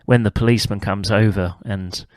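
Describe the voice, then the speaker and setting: Chatty man with a low, dry voice. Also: fairly even intonation, a little fast, darkish tone, no room sound. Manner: chatty, tacks on tag questions. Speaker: podcast host. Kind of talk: casual TV-episode commentary.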